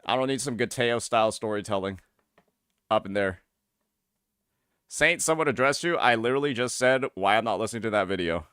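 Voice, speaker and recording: A man's voice: lowish voice, animated, fairly quick, pauses often, fairly bright tone, smooth, no room sound, studio quality. A man streaming a reaction to a video, talking casually and hesitantly, often restarting his sentences and asking questions.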